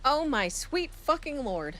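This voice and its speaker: A woman's voice: sits high, big pitch swings, measured pace, a bit bright, a little hiss or hum. A woman streamer chatting through a game reaction in a blunt, profane, giggly way.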